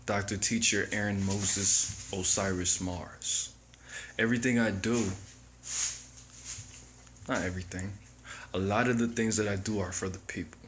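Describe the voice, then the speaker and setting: Man, motivational monologue, deliberate and repetitive, slow, low voice, faint background hiss. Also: steady tone, fairly bright tone. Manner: slow, deliberate, repeats phrases. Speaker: motivational speaker. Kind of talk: reflective monologue.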